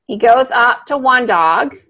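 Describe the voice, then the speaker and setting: Bright, high-voiced woman dog trainer. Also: unhurried, low-quality recording. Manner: animated, talks through a video, asks the class questions. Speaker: dog trainer teaching an online class. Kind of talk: live online lesson talking over video. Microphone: video call.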